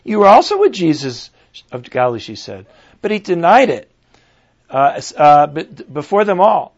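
A man preaching a sermon, reading scripture aloud and reflecting earnestly with pauses and restarts. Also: fairly high pitch, sing-song. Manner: earnest, pausing, restarts and fillers while reflecting. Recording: dull lo-fi recording.

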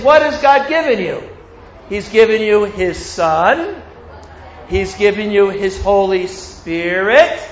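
A man preaching a sermon, animated, acting out the voices of God and of his listeners. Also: high-pitched, roomy sound, muffled recording, slight background noise.

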